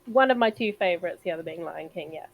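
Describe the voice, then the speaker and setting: A woman's voice: lowish voice, animated, fast, vocal fry, crowd noise. Easygoing woman on a dull mic. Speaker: podcast co-host. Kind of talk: casual chat.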